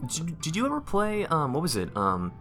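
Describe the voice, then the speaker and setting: Man, podcast co-host, excitable, rambling, bright voice, faint music behind. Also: a little high, normal speed. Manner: excitable, rambling with many restarts. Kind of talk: casual chat.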